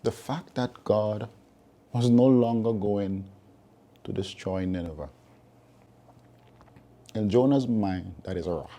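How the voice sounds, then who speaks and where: A man's voice: fairly low pitch, takes it slowly, long pauses, warm tone. A man preaching a sermon, emphatic and repeating key phrases as he reasons with the listeners.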